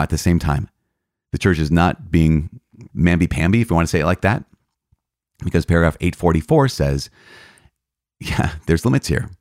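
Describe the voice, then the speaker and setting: A man's voice: low-pitched, a little mellow, no room sound, studio quality. A man, a priest, teaching from the catechism in an earnest, emphatic way, often restarting and correcting himself.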